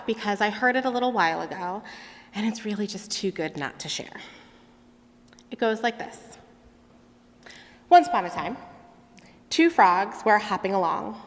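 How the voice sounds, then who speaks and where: Brief: woman worship leader, slow and very lively storytelling, long reverb of a big sanctuary. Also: medium pitch. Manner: lively expressive story-telling. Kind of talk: sermon storytelling. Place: large sanctuary.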